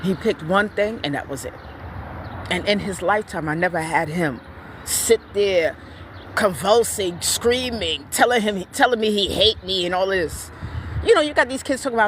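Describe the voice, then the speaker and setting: A woman giving blunt, profane parenting opinions in a casual vlog rant, telling stories in an animated way. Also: lowish voice, moderate pace, noisy background.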